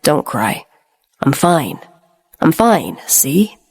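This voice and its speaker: A woman voicing a young man just out of a coma, speaking softly and reassuringly. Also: low voice, expressive, moderate pace. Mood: gentle. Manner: soft, reassuring.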